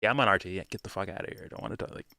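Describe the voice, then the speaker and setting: A man's voice: sits low, very fast, creaky, sharp tone, no room sound, heavily acted. A man putting on a mocking impression of a dismissive older male politician who mutters curt, profane brush-offs.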